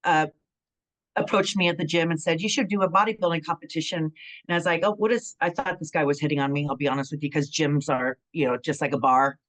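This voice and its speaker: In a relaxed interview chat, a middle-aged guest from San Bernardino, California, once a pro wrestler, tells animated stories in a fairly low voice at a quick pace. She acts out what people said and often uses fillers like "um" and "you know what I mean." The recording is low quality.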